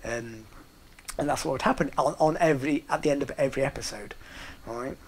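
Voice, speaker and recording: A man's voice: medium pitch, fairly quick, over a noisy crowd, very noisy. A middle-aged man with a northern English accent telling a funny family story in a casual, rambling way, full of fillers and restarts, laughing at his own jokes.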